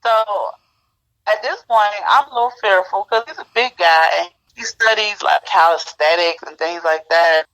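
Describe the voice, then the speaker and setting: A woman's voice: mid-range voice, moderate pace, low-quality recording. A woman as a guest, casually telling a personal story and acting out what each person said. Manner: acts out quoted dialogue in lively retelling.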